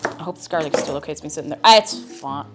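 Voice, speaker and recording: A woman's voice: low voice, fast, over music. A woman streaming herself cooking in a home kitchen, chatting casually and mocking herself as she rambles. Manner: rambling, self-mocking, talks to herself and chat. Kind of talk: casual live-stream chat while cooking.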